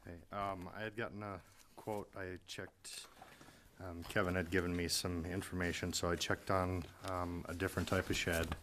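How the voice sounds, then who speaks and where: Very deep voiced guy, out of breath, halting, lots of ums, reporting to a town board. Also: little pitch movement, a bit bright, slight background noise. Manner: hesitant, halting, many fillers. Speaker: public works staff member. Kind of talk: reporting at a municipal meeting.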